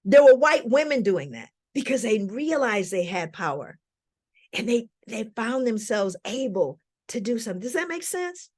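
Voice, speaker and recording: Woman, lecture to a live audience, storytelling, lively swooping delivery, slightly high voice. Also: moderate pace. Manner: animated, calls on the audience with questions. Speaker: scholar giving a talk.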